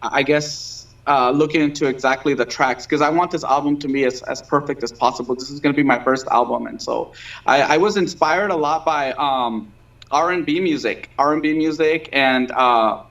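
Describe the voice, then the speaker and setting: A man's voice: medium pitch, normal speed, a bit bright. Rambling man on lo-fi stream audio. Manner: rambling, many fillers and restarts. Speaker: guest singer. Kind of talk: casual interview chat.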